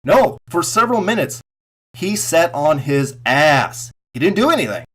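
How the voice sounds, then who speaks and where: A man giving an angry, profane political rant straight to camera, sarcastic and mocking, swinging between loud outbursts and muttered asides. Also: a little high, sing-song, moderate pace, husky. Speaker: political commentary vlogger.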